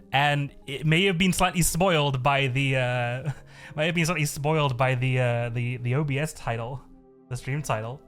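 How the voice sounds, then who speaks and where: A man's voice: medium pitch, a bit bright. Rambling, swearing male streamer. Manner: rambling, swears a lot, laughs often. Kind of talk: casual live-stream chat. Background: faint looping background music.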